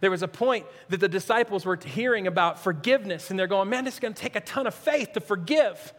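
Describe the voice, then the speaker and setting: A male pastor preaching a sermon with earnestness, swinging from near-shouts to hushed, low asides. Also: a little fast. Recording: long reverb, echoey hall.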